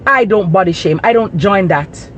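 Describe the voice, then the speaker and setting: A woman's voice: medium pitch, moderate pace, a little hiss or hum. Indignant woman with a Jamaican accent. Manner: indignant, emphatic rant. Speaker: vlogger. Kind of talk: direct-to-camera commentary.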